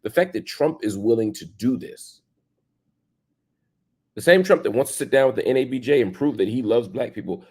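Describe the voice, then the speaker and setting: A man's voice: lively intonation, normal speed, long pauses, darkish tone, husky. A man hosting an opinion commentary show, arguing emphatically with rhetorical questions and casual slang. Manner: emphatic, rhetorical questions, pitch jumps for stress.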